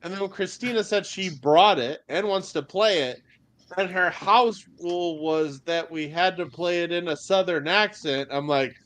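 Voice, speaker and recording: A man's voice: high voice, normal speed, a bit bright. A man hosting a casual live chat about games, upbeat and speaking to viewers at home. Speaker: host.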